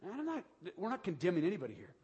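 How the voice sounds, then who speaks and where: A man preaching a sermon as pastor, going from hushed talk to shouted preaching in a large church. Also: sits high, wildly swooping pitch, racing, breathy edge, dull audio. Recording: long hall reverb.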